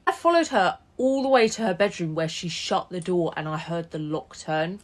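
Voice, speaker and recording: Young woman, vlog storyteller, lower voice, lively and indignant telling of a personal story. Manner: animated, indignant retelling with quick asides. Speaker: TikTok storyteller.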